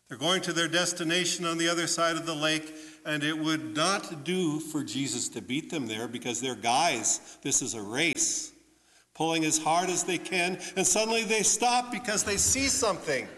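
A man preaching as a pastor in a church, telling a story in an animated way and putting questions to his listeners. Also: fairly high pitch. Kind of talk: children's sermon storytelling. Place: church sanctuary. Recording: long church reverb.

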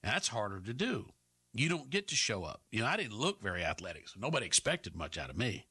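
Husky-voiced combative talk radio man. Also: on the low side, very animated, bright, forceful tone. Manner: combative, rapid rhetorical questions. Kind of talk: opinionated talk radio monologue.

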